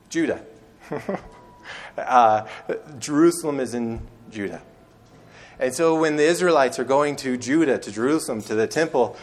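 A young man preaching a sermon, telling stories conversationally and acting out quoted lines, sometimes restarting words. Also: medium pitch. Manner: storytelling with acted-out quotes. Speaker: pastor.

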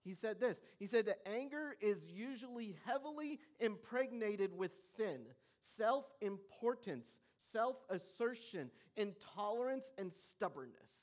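An earnest preacher delivering a sermon, leaning hard on key words. The pace slows and stretches for emphasis, and the voice sits at a middle pitch. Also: lively intonation. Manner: earnest, emphatic, with slow weighty pauses.

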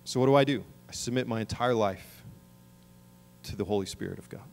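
A man's voice: lowish voice, a little fast, vocal fry. A middle-aged man preaching a sermon as pastor, earnest, with emphatic rising calls.

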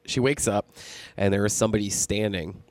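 A man casually telling a ghost story on a podcast, animated and full of swearing. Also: fairly low pitch, brisk, dry recording. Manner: profane, animated storytelling, laughs often. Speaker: podcast co-host.

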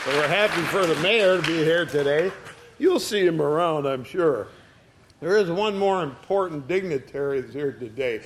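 A man's voice: on the high side, expressive, moderate pace, a faint crowd, a little hiss or hum. An older retired man preaching a sermon in a folksy storytelling way, giving quoted lines a dramatic reading. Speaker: pastor.

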